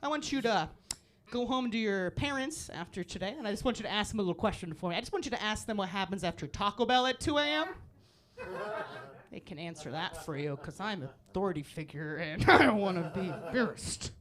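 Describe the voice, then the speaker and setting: A young woman performing a live stand-up set, animated and giggly, jumping to squeaky high voices when she acts out the kids. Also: fairly quick, a crowd in the background. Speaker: stand-up comedian. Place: comedy club stage.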